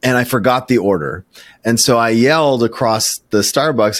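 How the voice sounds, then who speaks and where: A man's voice: mid-range voice, moderate pace, no echo. A man in his thirties hosting a casual interview, telling stories with lots of laughter. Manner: animated storyteller, laughs often, acts out quoted voices. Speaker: podcast host.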